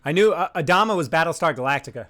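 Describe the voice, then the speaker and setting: A man streaming live while playing a trivia game, bursting into loud outbursts and swearing whenever he loses. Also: fairly high pitch, racing. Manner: excitable, loud outbursts and swearing when losing.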